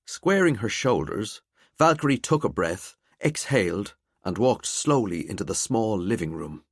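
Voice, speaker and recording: A man narrating a mystery thriller audiobook in a quiet, measured way. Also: low-pitched, very animated, dry recording, clean studio sound. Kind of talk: scripted narration.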